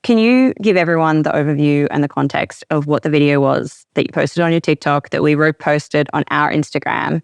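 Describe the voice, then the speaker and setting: A woman's voice: deep voice, a little fast, vocal fry, hardly any pauses, no echo. Chatty woman podcast host. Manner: chatty, animated, lots of fillers. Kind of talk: casual interview chat.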